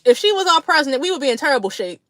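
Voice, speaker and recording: A woman's voice: high voice, big pitch swings, rapid-fire, fairly bright tone, no room sound. A woman hosting a casual livestream chat with her viewers, blunt, slangy and profane, laughing often between remarks. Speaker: livestream host.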